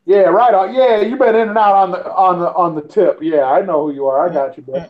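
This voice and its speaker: A man hosting a casual podcast chat, giggly and excitable, with slangy talk. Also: sits high, brisk. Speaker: podcast host. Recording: slightly muffled with faint hiss.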